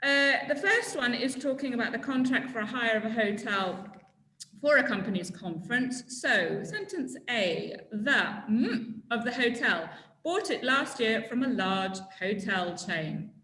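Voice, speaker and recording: A woman running a legal English lesson with a bright, forceful voice. She speaks slowly and prompts the class to finish each sentence, and the room has a noticeable echo. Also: fairly high pitch, expressive. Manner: prompting students to fill in words, brisk and encouraging. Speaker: English teacher.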